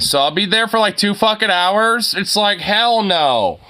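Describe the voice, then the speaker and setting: A young man talking casually to his stream chat, cursing freely and laughing between rants. His voice is bright and sharp, and his pitch swings widely from low mutters to high outbursts. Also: measured pace. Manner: profane, animated ranting, laughs often.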